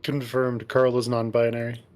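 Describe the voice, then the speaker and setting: A man's voice: mid-range voice, monotone, moderate pace, darkish tone. A man in casual chat, rambling and chuckling between lines of a game. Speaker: co-host reading a game.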